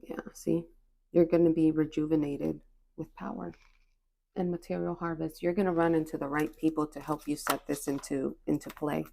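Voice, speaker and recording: A woman's voice: low voice, flat delivery, moderate pace, gravelly, mellow, slight background noise. A woman giving a spiritual oracle card reading to her viewers, reassuring and encouraging in a casual, slangy way, often repeating phrases.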